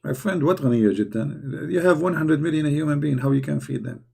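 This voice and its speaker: A man's voice: fairly high pitch, fast talker, creaky, darkish tone, slightly rough. A man hosting a live chat, talking in a sarcastic, mocking way with broken grammar. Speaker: chat show host. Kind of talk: casual live-chat monologue.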